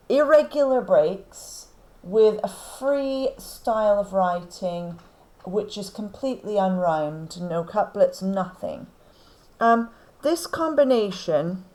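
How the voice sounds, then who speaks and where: A woman teaches a class, unhurried and measured, pausing to check with "okay?" that her students follow. Her voice sits at an ordinary middle pitch. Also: darkish tone, rough recording. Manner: slow, deliberate explaining with frequent "okay?" checks. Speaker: English teacher. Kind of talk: recorded lesson on poetry.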